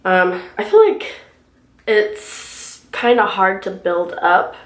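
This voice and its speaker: A young woman from California speaks slowly in a medium-pitched voice while applying makeup in a room at home. As a beauty vlogger in a casual get-ready-with-me chat, she tells a chatty story full of fillers, and the recording has a roomy sound.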